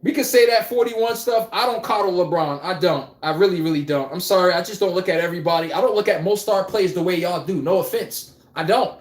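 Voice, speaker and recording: A man's voice: high voice, a little fast, few pauses, roomy sound. A man hosting a casual live-stream sports podcast, talking bluntly and animatedly, swearing and laughing as he rants. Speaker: podcast host.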